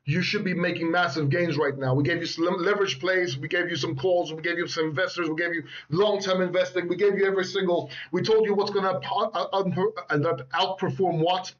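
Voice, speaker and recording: High-voiced man rambling over crypto charts. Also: fairly even intonation, a little fast, few pauses, muffled recording. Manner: rambling, boastful, joking asides. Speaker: crypto channel host. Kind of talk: casual market commentary over charts. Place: beach house. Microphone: laptop microphone.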